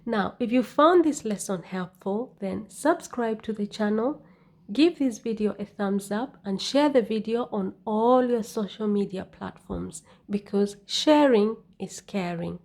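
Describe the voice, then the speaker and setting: A woman giving an English exam lesson at an unhurried, careful pace. She spells things out patiently and checks in with "okay?" after each point. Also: mid-range voice, a little mellow. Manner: slow, deliberate, repeats "okay?". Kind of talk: scripted lesson narration.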